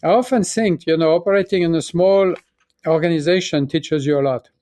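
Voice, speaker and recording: Man, sixties, French accent, reflective, halting, slightly high voice, dry close sound. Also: darkish tone, no room sound. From France. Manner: reflective, halting with frequent restarts and fillers. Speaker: guest, pharmaceutical chief executive. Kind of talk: conversational interview.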